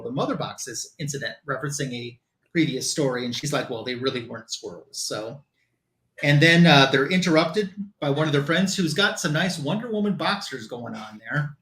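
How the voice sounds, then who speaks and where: A man's voice: mid-range voice, normal speed. Man recapping a comic in an echoey room. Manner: retells the story loosely, quoting characters in a lively way. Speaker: comic book reviewer.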